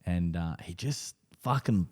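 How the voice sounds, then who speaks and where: A young Australian man co-hosts a live podcast, telling rambling stories and swearing freely in casual chat. His voice is deep and expressive, a little slow and a little mellow.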